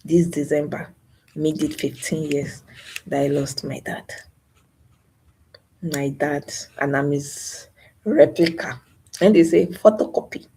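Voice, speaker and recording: A woman's voice: sits low, fairly even intonation, measured pace, vocal fry, long pauses, mellow, breathy edge. A young woman hosting a live stream, talking about loss in a grieving way, sighing and repeating herself. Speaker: channel host. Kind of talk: emotional live stream talk.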